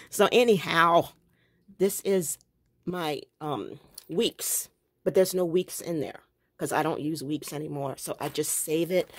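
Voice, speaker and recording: A woman's voice: low voice, slow pace, long pauses. A woman giving a chatty, rambling tour of her home craft room, often breaking into laughter. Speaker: planner and journaling vlogger.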